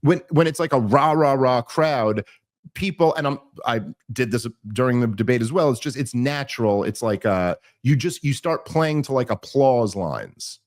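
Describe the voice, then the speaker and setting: A man hosting a podcast, telling a story in casual chat, animated and full of restarts and mocking asides. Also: medium pitch, normal speed. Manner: animated, mocking quoted voices, many restarts. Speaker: podcast host.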